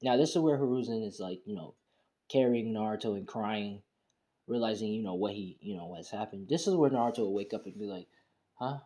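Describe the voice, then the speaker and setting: A man's voice: fairly low pitch, brisk, dark tone. A young man casually telling a fan story in a rambling way, with a lot of fillers and restarts.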